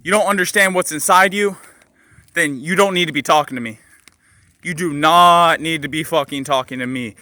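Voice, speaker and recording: Intense, bright-voiced man ranting outdoors. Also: on the high side, moderate pace, no room sound. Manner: intense, profane, preachy, repeats phrases for emphasis. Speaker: spiritual vlogger. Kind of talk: impassioned spiritual rant to camera. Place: outdoors in sunlight.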